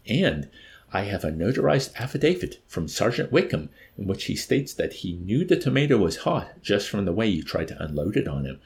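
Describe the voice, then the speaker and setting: A man's voice: on the low side, sing-song, normal speed, gravelly, darkish tone. A man voicing a cold, mocking military officer interrogating a prisoner with nonchalant tartness. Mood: smug.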